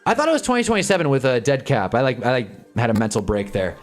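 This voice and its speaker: A man hosting a live stream, chatting casually and sarcastically in a rambling, animated way, reading chat and reacting as he goes. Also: medium pitch, fast talker, soft background music. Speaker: livestream host.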